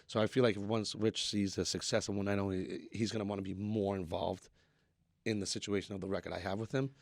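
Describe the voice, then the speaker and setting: Soft-spoken halting young man. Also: fairly low pitch, fairly even intonation, vocal fry, dry recording, clean studio sound. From New York, USA. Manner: halting, many restarts and "like" fillers. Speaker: musician guest. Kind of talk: candid interview talk.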